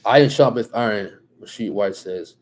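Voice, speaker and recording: Male host, New Jersey accent, deep and dark-toned, relaxed live-stream chatter. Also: normal speed. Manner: relaxed, repeats phrases, frequent "you know what I'm saying", chuckles often. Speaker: livestream host reading viewer comments. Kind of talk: casual live-stream chat.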